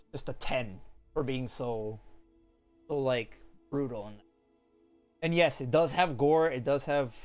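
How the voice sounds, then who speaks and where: Rambling casual man reviewing anime. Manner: rambling, lots of fillers and restarts, wide pitch swings.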